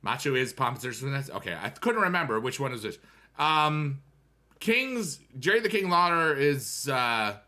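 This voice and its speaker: A man's voice: mid-range voice, big pitch swings, a little slow, bright, forceful tone. A man casually chatting with his viewers during a livestream, rambling from topic to topic and humming tunes now and then. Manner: rambling and talkative, chats to viewers while gaming; musical asides, hums tunes. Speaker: livestreamer answering chat.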